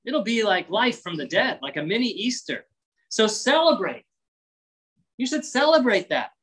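A male pastor delivers an expository sermon, moving from reading verses to explaining them in a relaxed, conversational tone. Now and then he briefly acts out the voices of people in his examples. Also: high voice, moderate pace, husky, low-quality recording. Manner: conversational preaching with acted-out voices.

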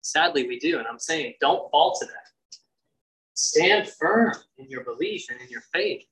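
A man's voice: a little high, lively intonation, unhurried, fairly bright tone, rough recording. A man preaching a sermon, reading scripture and acting out its voices with conversational asides. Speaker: pastor.

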